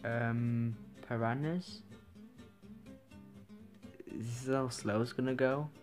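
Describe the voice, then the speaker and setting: Slow-talking man muttering over a game. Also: mid-range voice, faint music behind. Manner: mutters to himself, swears casually. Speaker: gaming video creator. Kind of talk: let's-play commentary.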